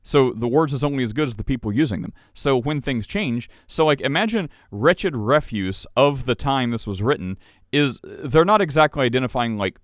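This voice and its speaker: A man's voice: mid-range voice, lively intonation, moderate pace, dry recording, clean studio sound. A man hosting a podcast, chatting casually and reading news articles aloud with asides. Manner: reads articles aloud, puts on mock voices for quoted people. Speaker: podcast host. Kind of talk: casual livestream commentary.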